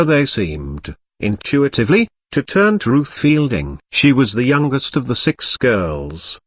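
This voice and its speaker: Tts guy reading an old novel, mechanical, lively pitch, dry sound. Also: no echo. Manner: even, mechanical reading with odd stresses. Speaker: narrator. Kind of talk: synthetic audiobook narration.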